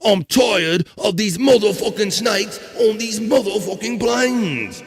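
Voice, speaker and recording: A man putting on a mock Australian accent to do an impression of a furious movie hero ranting in a high, strained voice. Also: wildly swooping pitch, moderate pace, vocal fry, sharp tone, big-room sound, full character voice. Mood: exasperated.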